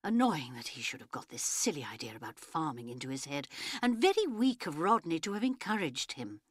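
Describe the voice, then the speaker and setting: A woman reading a novel aloud as an audiobook narrator, measured and expressive. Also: low voice, breathy edge, no room sound, studio quality.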